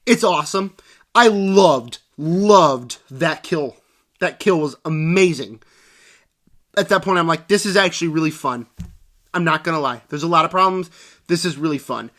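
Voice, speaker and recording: A young man with a high, bright voice rants through a spoiler movie review. He is animated and sarcastic and keeps jumping into mocking voices for the characters. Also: normal speed.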